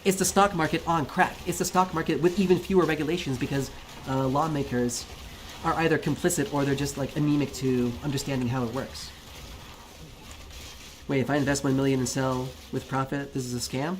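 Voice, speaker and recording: A man's voice: mid-range voice, steady tone, a little fast. Man ranting heatedly with profanity. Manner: frustrated arguing with chat. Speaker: livestreamer. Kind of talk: casual chat.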